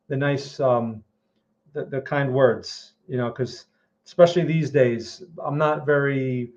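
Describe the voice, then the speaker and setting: A man's voice: mid-range voice, a little mellow. Blunt New Jersey man on a live stream. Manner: blunt, frank, keeps asking "right?". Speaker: market analyst host. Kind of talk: live-stream chart commentary. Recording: slightly muffled lo-fi audio.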